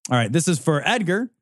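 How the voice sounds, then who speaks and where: A man's voice: a little high, slightly rough, no echo, studio quality. A man co-hosting a podcast, chatting casually with sarcastic, profane jokes. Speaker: podcast co-host. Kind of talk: casual comedic chat.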